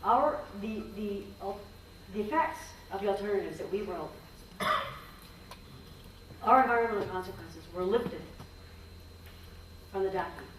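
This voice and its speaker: A woman's voice: medium pitch, normal speed, pauses often. Woman speaking frankly in an echoey hall. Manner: earnest, frank, with many restarts. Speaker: symposium presenter, former range conservationist. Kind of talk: conference talk with questions. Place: conference hall. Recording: echoey hall, distant mic, faint noise.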